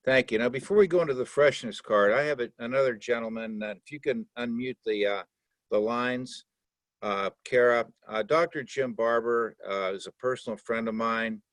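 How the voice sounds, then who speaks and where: A man hosting a conference call, introducing a guest haltingly with many fillers. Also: medium pitch, fairly bright tone, dry recording. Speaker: host and physician.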